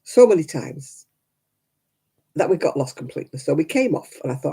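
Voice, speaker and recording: An older woman hosts a casual crafting livestream, rambling to her viewers and laughing often. Her voice is husky and warm, and her pitch swings widely as she chats. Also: big pitch swings, normal speed. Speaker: livestream host. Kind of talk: casual live-chat crafting stream.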